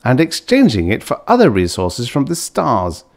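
A man's voice: mid-range voice, wildly swooping pitch, moderate pace, a little mellow, voice pushed up. A man voicing a scornful old grandfather who grumbles and dismisses what he hears. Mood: grumbling.

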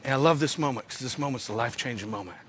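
A male pastor preaching a lively sermon, acting out stories with shouts and sound effects. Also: mid-range voice, rapid-fire, husky. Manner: animated, acts out scenes with shouts and sound effects. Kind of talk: energetic sermon storytelling.

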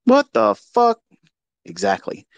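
A man's voice: very high voice, takes it slowly, smooth, dry recording, muffled recording. Profane, mocking man telling a story. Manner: profane, mocking, animated storyteller with sudden loud outbursts. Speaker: trading educator on a live audio space. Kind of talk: casual storytelling monologue.

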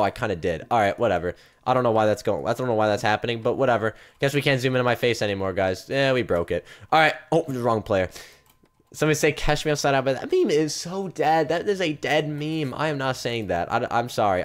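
A young man giving live commentary on his game stream, chatting straight to his viewers and breaking into loud yelps and shouts. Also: mid-range voice. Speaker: gaming streamer.

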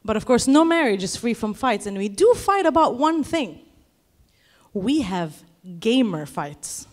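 A woman performing a stand-up comedy set on stage, telling an animated story and shouting the lines she acts out. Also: a little high, measured pace. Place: comedy stage before a live audience.

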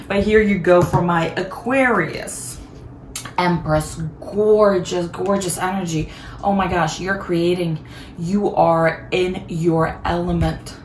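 A woman giving a casual tarot reading in a bubbly, chatty way and laughing often. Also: lowish voice. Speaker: tarot reader. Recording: echoey room, faint background noise.

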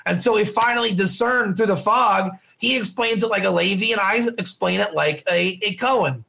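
Here a middle-aged Torah teacher speaks at normal speed in a high, pushed, bright voice with vocal fry. Running an informal class, he talks conversationally, repeats himself, and often checks in with a "right?"

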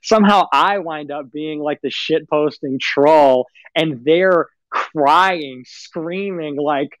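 A man's voice: a little high, takes it slowly, few pauses, no echo, poor audio. A man in casual livestream chat, mocking and rambling with lots of fillers and frequent laughs. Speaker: livestream guest.

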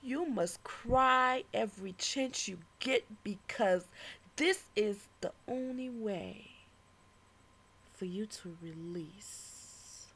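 A woman performing her own spoken-word poem with passion and a preaching tone, dropping to whispers and then rising to loud declarations. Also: medium pitch, takes it slowly, slight background noise. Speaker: poet. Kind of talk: spoken-word poetry recital.

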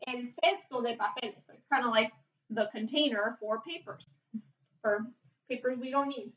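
A woman teaching Spanish vocabulary in a slow lesson, repeating each word and spelling it out. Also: fairly high pitch, a bit bright. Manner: repeats words slowly, spells and explains. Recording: echoey, distant, dull lo-fi recording.

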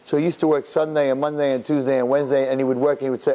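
A middle-aged rabbi telling a story as a sermon, acting out the characters and mixing in Yiddish and Hebrew words. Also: male voice, medium pitch, flat delivery, racing, warm tone.

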